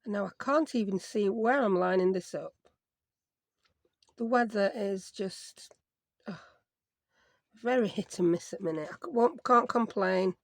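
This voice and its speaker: A woman's voice: medium pitch, measured pace, vocal fry, pauses often, no room sound. A woman, chatting casually through a craft tutorial, talking to herself as she works and joking at her own expense. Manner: chatty, self-mocking, talks to herself while working. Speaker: crafting YouTuber.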